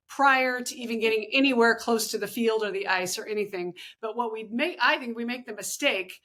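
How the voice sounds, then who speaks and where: A woman's voice: on the high side, a bit bright. A woman hosting a podcast, chatting casually and often restarting her sentences as she thinks aloud. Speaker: podcast host.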